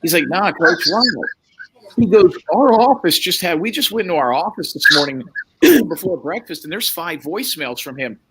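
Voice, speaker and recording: A man's voice: high voice, animated, moderate pace, noisy background. A man telling a wild story in a casual chat, acting out the other people's lines and swearing freely. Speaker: podcast guest.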